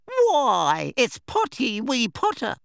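A gleeful little poltergeist for an audiobook, pitched far above his own voice in a shrill, teasing singsong. He draws the words out slowly and sing-songs every jab. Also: huge pitch swings, creaky, a bit bright, smooth, no echo, studio quality, exaggerated voice. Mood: gleeful taunting. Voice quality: high, shrill, sing-song. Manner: drawn-out mocking singsong. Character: cackling mischievous male poltergeist, little, taunting. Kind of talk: audiobook character voice.

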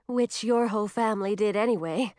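A woman's voice: mid-range voice, a little fast, darkish tone, no echo, studio quality, lightly acted. A woman voicing a polite young dragon girl.

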